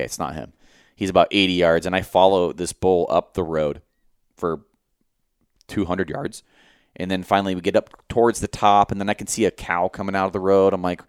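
A man co-hosting a podcast, telling a hunting story in casual chat, animated and swearing freely as he acts out what he was thinking. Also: sits low, clear, resonant tone, no echo, clean studio sound. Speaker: podcast co-host.

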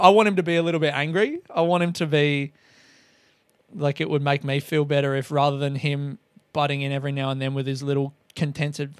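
A man's voice: on the high side, little pitch movement, fairly quick, smooth, dry recording. A man talking in a casual, rambling monologue on a podcast, swearing often and mocking himself. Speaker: comedian podcast host.

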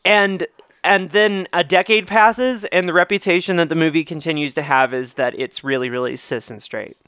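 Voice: mid-range voice, fairly even intonation, normal speed, fairly bright tone, clean tone, dry recording. A podcast co-host in casual chat, arguing a point emphatically and swearing freely.

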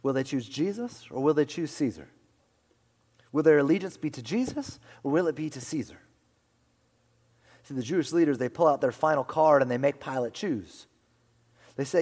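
Male pastor preaching in a reverberant church, mid-pitched voice, dramatic swings between loud emphasis and whispers. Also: lively intonation, normal speed, long pauses. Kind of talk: sermon. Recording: long hall reverb.

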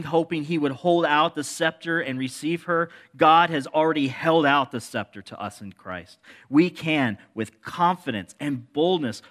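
Bright-voiced pastor preaching, man. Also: fairly high pitch. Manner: shifts from hushed asides to rising, emphatic appeals; joking asides to the congregation. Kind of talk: sermon.

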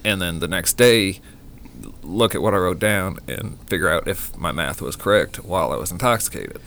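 Man, lowish voice, halting casual storyteller. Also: expressive, vocal fry, a bit bright, a little hiss or hum. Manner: halting, restarts, self-deprecating. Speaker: friend in the conversation. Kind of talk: casual chat.

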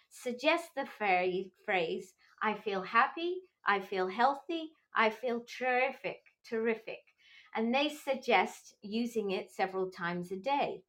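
A middle-aged woman hosting a podcast, talking slowly and earnestly in an encouraging motivational tone. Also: on the high side, poor audio. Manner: slow, earnest and encouraging, with small restarts. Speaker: podcast host. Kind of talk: motivational talk.

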